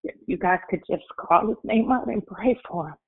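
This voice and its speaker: A woman's voice: medium pitch, moderate pace, slightly rough. An older woman from Michigan calling into a prayer line, speaking earnestly and from the heart. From Michigan, USA. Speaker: caller. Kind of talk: prayer-call testimony. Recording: tinny phone line.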